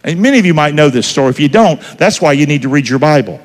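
A man's voice: a little high, fast, hardly any pauses. A man preaching a sermon in church, casual and conversational, peppering the congregation with questions. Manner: lively, conversational preaching with call-and-response questions. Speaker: pastor. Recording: long hall reverb.

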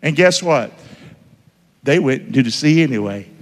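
Lively folksy preacher in a reverberant hall. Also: male voice, mid-range voice, unhurried. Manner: folksy, asks the congregation questions, swings between loud and hushed. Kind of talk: sermon. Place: church.

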